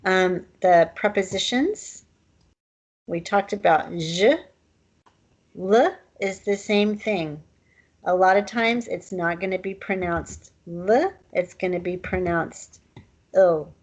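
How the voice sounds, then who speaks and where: Low, gravelly woman teaching. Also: takes it slowly, poor audio. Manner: casual, chatty teaching with fillers and asides. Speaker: language teacher. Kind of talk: recorded online language lesson.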